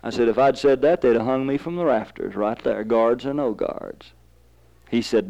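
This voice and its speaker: A man's voice: medium pitch, normal speed, vocal fry, darkish tone, muffled recording. A man preaching a sermon, telling stories and rising to fervent emphasis.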